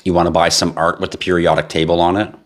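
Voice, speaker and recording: A man hosting a live stream, reading viewer comments in a casual, animated way, laughing and swearing now and then. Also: fast. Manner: animated, laughs and swears, jumps to high yelps for effect. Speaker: livestream host.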